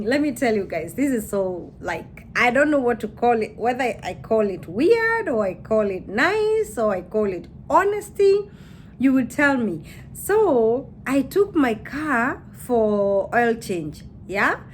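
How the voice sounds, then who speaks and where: A woman's voice: a little high, big pitch swings, unhurried, a little hiss or hum. A woman chatting casually to her camera, laughing as she acts out what people say. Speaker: YouTuber.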